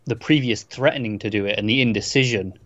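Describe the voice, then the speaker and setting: A man co-hosting a podcast about a TV episode, talking in a halting way and repeating words as he searches for them. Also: fairly low pitch, fairly bright tone. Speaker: podcast co-host. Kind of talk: casual TV episode discussion. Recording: dull, dry lo-fi mic.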